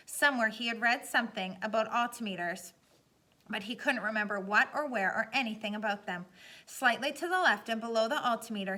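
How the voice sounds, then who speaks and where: A woman reads a novel aloud in a steady, dramatic way. Her voice sits a little high for a woman and sounds bright and forward, keeping an even, careful pace through the telling. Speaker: audiobook narrator. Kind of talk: scripted narration.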